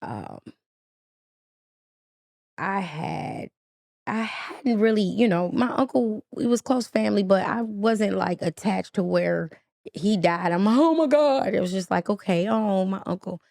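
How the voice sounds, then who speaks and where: A woman's voice: mid-range voice, a little slow, gravelly, no room sound, clean studio sound. A woman, a podcast guest, telling her personal story with feeling and acting out the dialogue. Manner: animated, acts out quoted dialogue.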